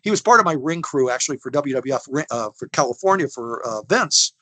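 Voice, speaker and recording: A man's voice: mid-range voice, a little fast, no echo. A man in his sixties, an interview guest telling stories in a folksy, rambling way and acting out the people in them. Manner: animated storyteller who acts out other people's lines; folksy, rambling, with restarts and laughter. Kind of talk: casual storytelling.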